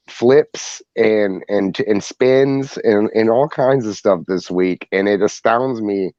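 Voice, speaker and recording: A man's voice: fairly low pitch, darkish tone, no room sound, highs cut off. A man co-hosting a casual podcast chat, talking in rambling stretches full of restarts and repeated words. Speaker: podcast co-host.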